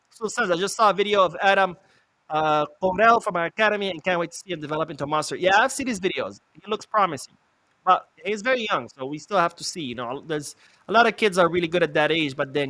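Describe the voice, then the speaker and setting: A man's voice: a little high, pushed and bright, no echo. A man hosting a live football watch-along, reacting to the match, reading chat messages aloud and swearing when his team misses chances.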